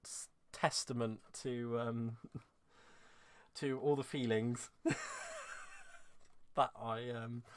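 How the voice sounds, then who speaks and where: An English craft channel host signs off his live stream in a rambling, heartfelt way, emotional and close to tears, laughing as he restarts his sentences. His mid-range voice is clear and resonant, level in tone, with drawn-out words and long pauses, and there is no room sound.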